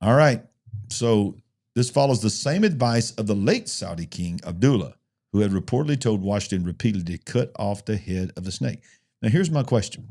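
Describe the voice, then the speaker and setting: Low mellow-voiced man chatting about news. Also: lively intonation. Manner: chatty, breaks into singing, speeds up and slows down. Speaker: co-host of a news talk show. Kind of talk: casual news commentary.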